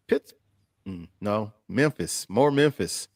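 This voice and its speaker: A man hosting a casual live-stream chat. He sounds animated, laughs a lot and reads viewer comments aloud. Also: medium pitch, a little slow, dry recording. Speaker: host.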